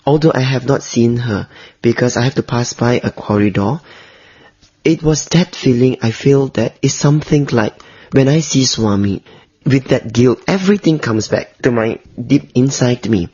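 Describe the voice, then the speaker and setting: A man tells a personal story as an interview guest, his voice husky and breathy at a middle pitch. He keeps the telling animated and now and then mimics the people he quotes. The recording sounds dull and lo-fi. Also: normal speed. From Malaysia.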